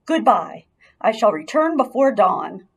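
A plucky young boy mouse from a storybook, read by a woman, speaking earnestly and a bit grandly about his mission. The voice is slightly husky and moves up and down a lot. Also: fairly high pitch, sing-song, a little slow, exaggerated voice. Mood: staunch, determined. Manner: earnest, staunch, a little dramatic. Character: brave determined young male mouse.

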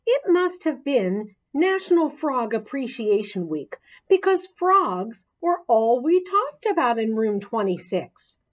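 A woman reading a children's chapter book aloud in an expressive, playful storytelling manner. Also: fairly high pitch, takes it slowly, few pauses. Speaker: audiobook reader.

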